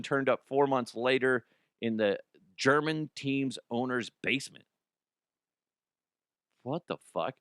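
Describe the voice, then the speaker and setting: A male podcast host in his forties, from Colorado, rants casually about odd news and swears freely. His voice sits at an ordinary male pitch and is recorded on a close mic in a dry, dead room. He laughs easily while chatting. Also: fairly bright tone, smooth, dry recording. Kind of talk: casual profane comedic rant.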